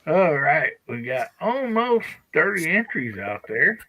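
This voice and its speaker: A man hosting a live podcast in a relaxed, chatty way, laughing often and talking through a bout of hiccups. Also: on the high side, measured pace, lo-fi sound. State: has the hiccups. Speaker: podcast host. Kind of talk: casual livestream chat.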